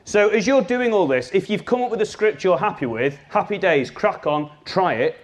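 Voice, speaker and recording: Here a man leads a workshop session live as a business trainer, bantering playfully and speaking right to the crowd. His voice is high and he talks at a normal speed.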